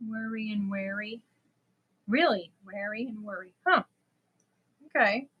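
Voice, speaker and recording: A middle-aged woman whose first language isn't English hosts a casual livestream, chatting with viewers in a medium-pitched, slightly rough voice at an unhurried pace. She's talkative, pokes fun at herself and laughs often, and the audio is dull.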